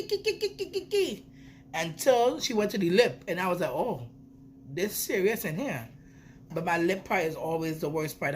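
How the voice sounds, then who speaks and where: Animated young woman telling a story. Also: on the low side, a little hiss or hum. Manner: animated, swearing, playful. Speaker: vlogger. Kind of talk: casual storytime.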